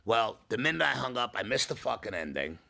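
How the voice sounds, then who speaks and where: A man's voice: medium pitch, sing-song, a little fast, creaky, bright, forceful tone. A middle-aged man, a father co-hosting a podcast, telling rambling, profane stories in casual chat.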